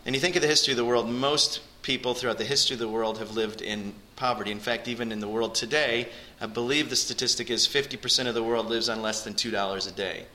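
A man preaching in a church, his voice very bright and ringing. He speaks earnestly and directly to the people in front of him, lifting his pitch and volume to press home each point. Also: steady tone, quick pace, few pauses, low-quality recording. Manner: earnest, rises in pitch and volume for emphasis, addresses the congregation directly. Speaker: pastor. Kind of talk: sermon.

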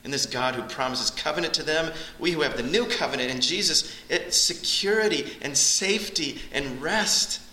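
A man giving expository Bible teaching in an animated way, his pitch surging on key points, recorded in an echoey room. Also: normal speed, hardly any pauses, slight background noise.

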